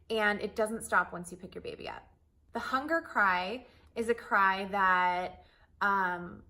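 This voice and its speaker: A woman's voice: mid-range voice, bright, forceful tone. A woman hosting a parenting lesson, explaining in a friendly, reassuring way. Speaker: host.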